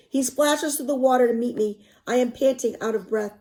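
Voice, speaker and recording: A woman reading a novel aloud, pausing to explain passages in softer asides. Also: a little high, poor audio.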